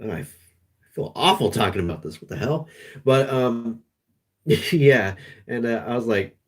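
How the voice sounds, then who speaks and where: A man streaming live, chatting casually in a rambling, halting way full of restarts. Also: mid-range voice, expressive. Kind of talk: casual livestream chat.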